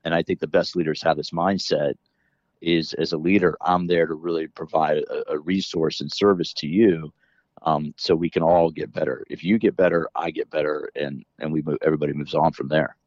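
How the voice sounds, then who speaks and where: A man's voice: rumbling low, steady tone, brisk, darkish tone, no room sound, dull audio. A middle-aged man talking as an interview guest, rambling with many restarts as he explains his work in fitness education. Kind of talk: casual interview conversation.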